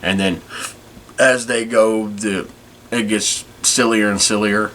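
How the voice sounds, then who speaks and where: Low-ish guy rambling on his podcast, casual and all over the place. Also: fairly even intonation, slow, pushed and bright, slight background noise. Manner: rambling, many restarts. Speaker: podcast host. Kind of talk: casual chat.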